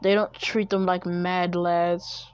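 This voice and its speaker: A woman casually improvises a fan story, rambling, restarting, and correcting herself as she goes. Her fairly low voice is level, slow, clear, and resonant, with no echo. The recording is dull and lo-fi.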